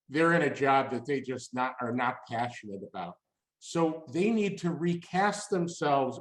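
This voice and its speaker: A man giving a webinar talk on employee engagement, emphatic and punchy, firing off rhetorical questions. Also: on the high side. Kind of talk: webinar presentation. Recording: roomy echo.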